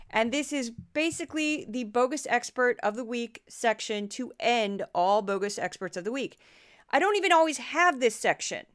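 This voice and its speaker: A woman's voice: on the high side, a bit bright, clean tone. A middle-aged woman from the US Midwest hosting a podcast. She talks in a chatty, casual way, with wry and self-deprecating asides. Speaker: podcast host.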